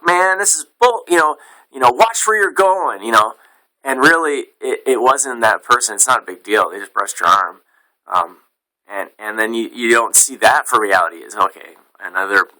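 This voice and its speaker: A man's voice: on the low side, pushed and bright, rough recording. A man teaching as a Buddhist meditation teacher in an informal dharma talk, plain-spoken and frank, with some casual swearing.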